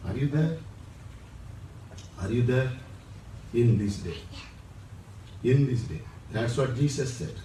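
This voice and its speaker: A man's voice: medium pitch, lively intonation, takes it slowly, long pauses, warm tone, roomy sound, recorded from a distance, a little hiss or hum, low-quality recording. A male pastor with an Indian English accent and a Tamil background, preaching a sermon with emphasis and repeating each phrase. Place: church.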